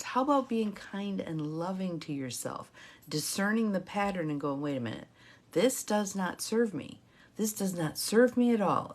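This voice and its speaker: A woman's voice: on the low side, breathy edge. A middle-aged woman coaching viewers in a live talk, emphatic and repeating her key phrases. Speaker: intuitive guidance coach.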